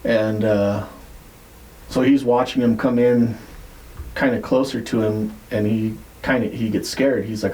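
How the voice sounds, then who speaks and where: A man's voice: on the low side, fairly even intonation, a little slow, warm tone, low-quality recording. A man hosting a podcast, retelling a story in a loose, rambling way with lots of "like" and casual swearing. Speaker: podcast host.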